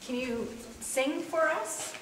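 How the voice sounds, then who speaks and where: Woman, investigator, earnest pleading tone, far from the mic, echoey room, clear background noise. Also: high voice, slow pace. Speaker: paranormal investigator. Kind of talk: calling out to spirits. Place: large empty building at night.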